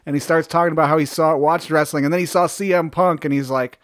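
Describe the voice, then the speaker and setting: A man's voice: on the high side, fast, no echo, studio quality. A man in casual chat, retelling a story with lots of swearing and acting out the quotes. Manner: profane, animated storytelling, acts out quotes.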